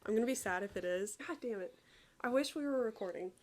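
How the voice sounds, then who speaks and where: A woman's voice: medium pitch, expressive, fast, a little mellow. A young woman chatting casually with a friend on a video. She giggles a lot, swears freely and makes fun of herself. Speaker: co-host. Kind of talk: casual chat reading out an AI conversation.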